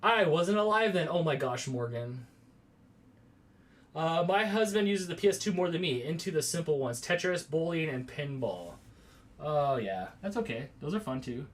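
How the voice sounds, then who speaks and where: A man's voice: fairly high pitch, expressive, moderate pace. A man in his thirties hosting a casual home livestream, rambling and chatting with viewers and often exclaiming as he goes.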